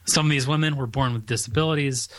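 A man's voice: medium pitch, fairly even intonation, fast talker, a bit bright, no room sound. A man co-hosting a podcast in casual chat, reading out articles and cracking dry jokes. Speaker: podcast co-host.

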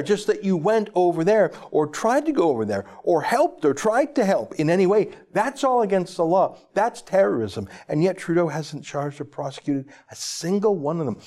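Male commentator, sarcastic and emphatic, very animated pitch. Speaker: political commentator. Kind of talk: opinionated news commentary.

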